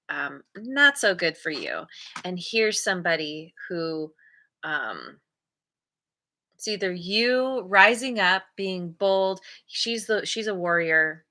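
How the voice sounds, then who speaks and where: A woman's voice: on the low side, bright, forceful tone. A woman giving a casual tarot reading, thoughtfully searching for words as she reads the cards aloud. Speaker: tarot reader.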